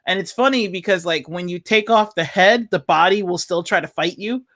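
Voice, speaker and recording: Chatting casually about a movie, a woman recounts its scenes animatedly, filling her speech with fillers and frequent laughter. She has a lowish voice and talks at a normal speed.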